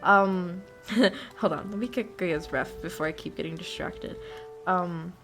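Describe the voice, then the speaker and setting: A woman's voice: on the low side, unhurried, over music. A young woman streamer in casual chat, rambling and giggling often as she talks.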